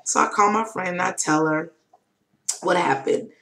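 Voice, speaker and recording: A woman's voice: lowish voice, normal speed, gravelly, bright, forceful tone, slight background noise. A young adult woman telling a personal story on her webcam vlog, candid and emotional, with lots of fillers. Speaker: vlogger. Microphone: webcam mic.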